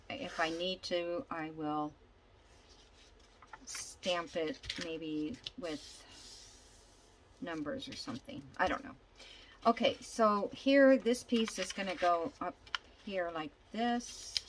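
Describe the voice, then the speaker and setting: A woman's voice: fairly low pitch, takes it slowly, long pauses, noisy background. An older woman chatting casually as she works on a craft project, thinking aloud and telling a long, rambling story. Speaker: junk journal crafter.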